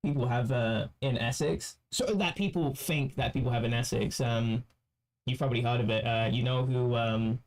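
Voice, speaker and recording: A man giving casual commentary as a streamer, rambling and halting with many restarts. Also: mid-range voice, darkish tone. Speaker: streamer reacting to clips.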